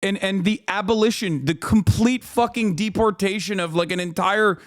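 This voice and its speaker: A man streaming live, reacting to a clip with animated, indignant commentary, swearing and laughing often. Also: high voice, moderate pace.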